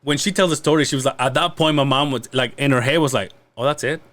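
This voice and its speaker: A man's voice: medium pitch, quick pace. Profane man telling a wild story. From Mexico. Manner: profane, animated, acts out quoted lines. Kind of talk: casual storytelling.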